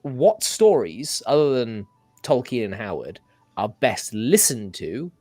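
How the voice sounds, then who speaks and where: Male streamer host, very animated delivery, dry close mic, playful and a little bossy. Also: mid-range voice, slow pace, no echo. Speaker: livestream host. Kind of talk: casual stream chat.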